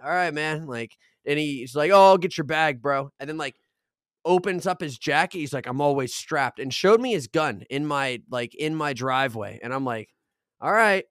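A man's voice: medium pitch, normal speed, no room sound, studio quality. A young man from Arizona co-hosting a podcast, telling a long story in casual, swear-filled chat and acting out the voices of the people in it. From Arizona, United States. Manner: animated, swears a lot, acts out voices in his stories. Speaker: podcast co-host.

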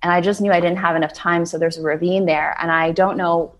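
Young woman telling her story, kinda low voice, earnest, lots of "like"s. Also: flat delivery, fairly quick. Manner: earnest, frequent "like" fillers, acts out her own quoted words. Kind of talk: personal storytelling.

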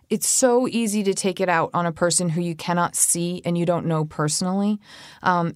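A woman's voice: on the low side, dry recording, clean studio sound. Chatty woman giving practical advice. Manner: conversational, tells personal anecdotes with acted-out quotes. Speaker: co-host. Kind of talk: casual advice chat.

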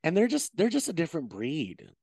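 A man hosting a casual gossip chat about reality TV, animated and profane. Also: fairly high pitch, fairly quick, gravelly, crowd noise. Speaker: podcast host.

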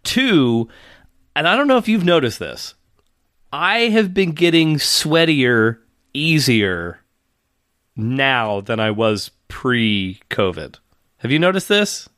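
A man's voice: mid-range voice, big pitch swings, takes it slowly, fairly bright tone, no room sound. A man co-hosting a podcast in casual chat, congested, with a dry teasing manner. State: congested from covid. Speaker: podcast co-host.

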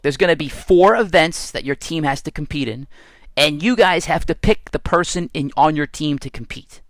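A middle-aged man hosts his own podcast, spinning stories with lively, self-amused energy. His voice sits a little high for a man. The recording is close and dry, with no room echo. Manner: animated storyteller, laughs at his own stories. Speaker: podcast host and strength coach. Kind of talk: casual solo podcast monologue.

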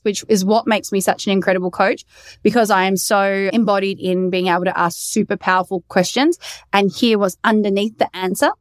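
A young Australian woman hosting a podcast and coaching, telling a story in a lively, expressive way and swearing freely. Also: mid-range voice, clean tone, dry recording, studio quality. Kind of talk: casual storytelling monologue.

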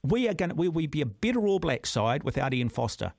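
Blunt New Zealand talk radio host. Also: male voice, on the high side, sing-song, fast, gravelly, darkish tone, no room sound, studio quality. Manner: blunt, combative, keeps saying "mate". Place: radio studio.

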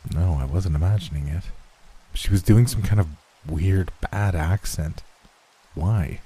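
A man narrates a horror story in a steady, measured scripted reading. His voice sits very low, with a dark, mellow tone. It has a slightly husky, breathy edge.

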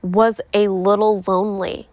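A woman's voice: mid-range voice, little pitch movement, unhurried, darkish tone, dry recording, rough recording. A young woman casually telling a personal story as a podcast host, chatty and confiding, with many filler "likes".

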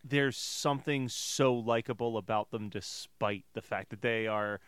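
A young man in casual podcast chat, chatty and quick to laugh. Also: on the low side, fairly bright tone, smooth, dry recording.

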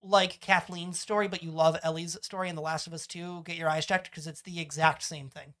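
A man's voice: on the high side, level tone, fairly quick, a bit bright. Rambling, profane male podcast host. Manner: rambling, profane, acts out quotes with shifting voices. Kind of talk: casual chat recapping a TV episode.

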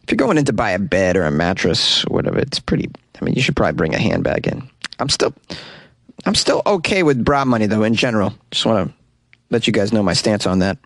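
A man's voice: lowish voice, sing-song, fast, a bit bright, dry recording. Joking American man, dry sound. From United States. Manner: joking, irreverent, chuckling asides. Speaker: comedy podcast host. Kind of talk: comedic news commentary.

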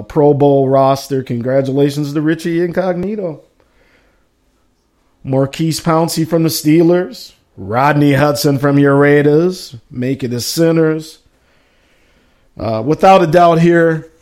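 A man hosting a live sports podcast, reading out a player roster with casual asides and shout-outs. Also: fairly high pitch. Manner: reads out a list with running asides.

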